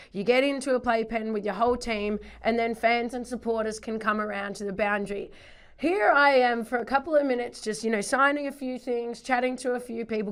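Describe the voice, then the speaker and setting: Aussie woman, croaky voice, bit high, chatty podcast host, laughs a lot. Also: fairly bright tone. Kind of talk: casual chat.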